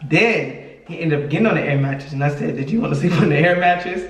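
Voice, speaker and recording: Recorded from a distance in an echoey room, a podcast co-host tells a story in casual chat. His voice is fairly high and fast, and he animatedly acts out other people's lines while laughing often.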